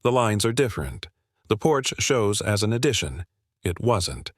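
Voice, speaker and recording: A man narrates a scripted first-person story in a steady, wry and literary way. His voice is low and sits dry and close on the recording. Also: unhurried, no room sound.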